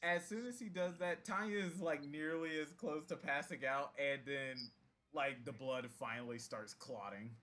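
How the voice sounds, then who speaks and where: A man narrating as game master of a tabletop game, halting and full of fillers. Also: on the high side, bright, forceful tone.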